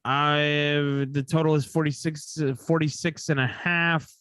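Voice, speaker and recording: A man's voice: fairly high pitch, flat delivery, a little slow, fairly bright tone, clear, resonant tone, no echo, clean studio sound. A man hosting a casual sports betting podcast, sleepy and yawning, rambling and correcting himself as he talks. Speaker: podcast host.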